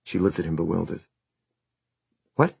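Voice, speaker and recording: A male audiobook narrator with a deep, gravelly voice and a strongly husky texture, telling the story in a measured, steady way. The recording is dry and close, with no room sound, which keeps every rough edge of the voice audible. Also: no room sound. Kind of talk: scripted narration.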